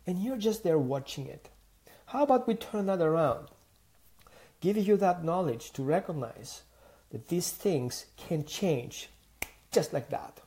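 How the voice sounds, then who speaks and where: Animated Mediterranean dog trainer, mellow voice. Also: male voice, a little high, a little slow. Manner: animated, uses rhetorical questions and acted-out dialogue. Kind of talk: motivational teaching monologue.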